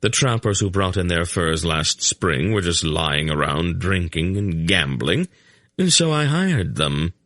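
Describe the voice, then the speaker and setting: A man's voice: low voice, big pitch swings, a little slow, fairly bright tone, no room sound, clean studio sound, heavily acted. A man doing a smug, urbane spy. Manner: urbane, breezy, dryly witty. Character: sly urbane male spy and trader, smug.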